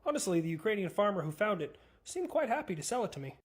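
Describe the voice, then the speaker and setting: A brash, trash-talking America, played by a man, who taunts with swagger. His voice is slightly husky and bounces across a lively range. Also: high-pitched, fast, full character voice. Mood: cocky. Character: cocky, trash-talking male America personification.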